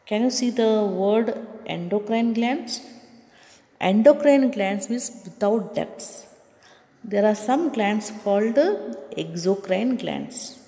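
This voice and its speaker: A woman teacher explains a science lesson with a soft, mellow voice, pausing to check in with her students. Her voice carries a lingering reverb, as if recorded in a room with long echo. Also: mid-range voice. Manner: explaining slowly with frequent checks like "okay" and "understood".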